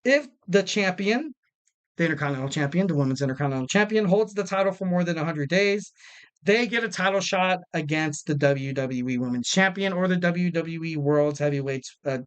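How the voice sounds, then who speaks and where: A man's voice: a little high, lively intonation, a little fast, clear, resonant tone. A man in his twenties hosting a wrestling podcast in a casual, rambling way, often repeating phrases for emphasis. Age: 20s.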